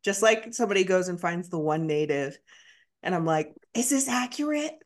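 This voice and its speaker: A woman in a casual podcast discussion, telling a story in a chatty, animated way. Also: on the low side, normal speed.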